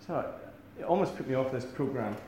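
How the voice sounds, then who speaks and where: A man's voice: medium pitch, lively intonation, brisk, warm tone, roomy sound, slight background noise, low-quality recording. A man with a Scottish accent giving a talk to a live audience in a rambling, self-deprecating way, full of restarts. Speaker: academic speaker.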